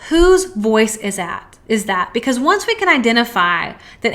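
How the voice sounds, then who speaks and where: Bright-voiced woman hosting a self-help podcast. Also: a little high, sing-song. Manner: earnest, slows down to stress key phrases; strings of rhetorical questions. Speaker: podcast host.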